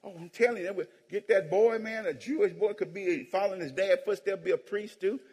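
A husky, slightly mellow high male voice moves fairly quickly as a pastor preaches playfully, cracking jokes with the crowd and calling for amens. It's recorded in a church sanctuary with long hall reverb.

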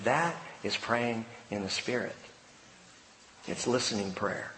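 A man preaching a sermon at a medium pitch, moving from hushed near-whispers up to emphatic peaks. His voice carries a long reverb, as if heard in a large hall. A faint ambient background sits behind him. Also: moderate pace, noisy background. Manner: conversational preaching, quiet hushed passages, rising emphatic peaks. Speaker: pastor.

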